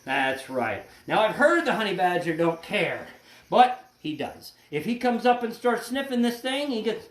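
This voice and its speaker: A man's voice: high-pitched, big pitch swings, unhurried, fairly bright tone. A man hosting an educational animal show, chatting playfully and cracking jokes as he handles the animals. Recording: roomy echo.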